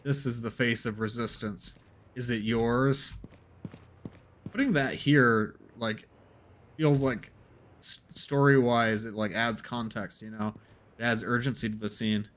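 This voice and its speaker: A man's voice: mid-range voice, fairly even intonation, a little slow, fairly bright tone. A man streaming a game, musing aloud in a rambling, hesitant way. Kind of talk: casual gameplay commentary.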